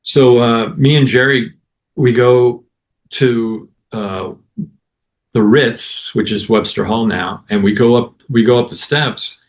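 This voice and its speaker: A man, a guest musician, casually telling an animated anecdote and acting out other people's lines. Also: medium pitch, takes it slowly. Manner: animated anecdote with acted-out quotes. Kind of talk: casual storytelling.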